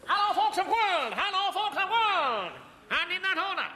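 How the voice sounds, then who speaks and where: Very high, wildly bouncing, and bright, this is a squeaky, giddy little round blob of a man. He sounds like 1950s radio comedy, coming over an echoey old broadcast with a long tail of reverb. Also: sing-song, normal speed, a little hiss or hum, heavily acted. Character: short fat round comic Welsh blob of a man.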